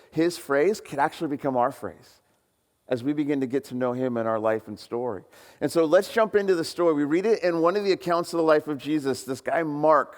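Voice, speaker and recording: A man's voice: mid-range voice, a little mellow, long reverb tail. A male pastor from the United States preaching a sermon in a conversational way, putting questions to the congregation. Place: church hall.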